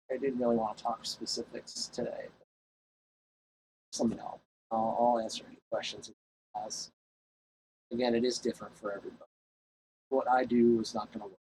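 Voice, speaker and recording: A man's voice: medium pitch, darkish tone, poor audio. Man talking to his own camera, loose and salty, mid-range voice, light hiss behind. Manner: rambling, profane, laughs at his own story. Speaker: vlogger. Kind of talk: casual storytelling to camera.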